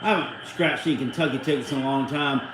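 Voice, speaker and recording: A man's voice: mid-range voice, fairly even intonation, quick pace, echoey room, noisy background. A middle-aged man, hosting a live watchalong stream in a casual, rambling way and cussing freely. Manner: rambling, salty, cusses freely. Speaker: livestream host.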